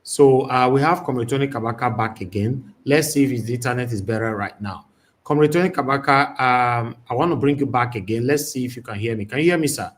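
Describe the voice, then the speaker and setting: A man's voice: mid-range voice, fairly quick, a little hiss or hum. A man hosting a live talk show, courteous with guests and stern with rude commenters. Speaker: host.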